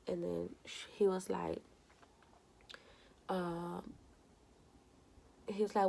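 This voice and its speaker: A woman's voice: lowish voice, level tone, slow pace, long pauses, warm tone, a little hiss or hum. A young woman vlogging from home, telling a story casually with lots of "like" and quoted dialogue. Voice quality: gravelly vocal fry. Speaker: beauty vlogger.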